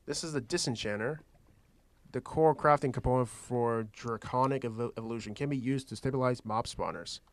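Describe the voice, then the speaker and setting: A man's voice: mid-range voice, brisk, dry recording. A man giving casual, rambling commentary while he plays a modded block-building game, thinking aloud and trailing off into restarts. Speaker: gaming channel host.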